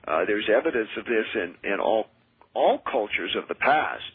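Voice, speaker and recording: A man who is a minister and exorcist, telling his experiences in an earnest, measured way as a radio interview guest. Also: lowish voice, sing-song, breathy edge, dry recording. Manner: earnest, measured, with frequent restarts. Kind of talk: radio interview, personal storytelling. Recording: tinny dry phone line.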